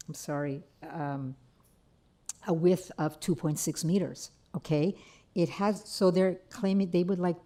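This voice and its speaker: Rambling older woman, very low voice. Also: a little mellow. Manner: rambling, apologetic, asks okay often. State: shaky voice, cold and hungry. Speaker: resident speaking at a public hearing. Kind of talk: public comment at a hearing.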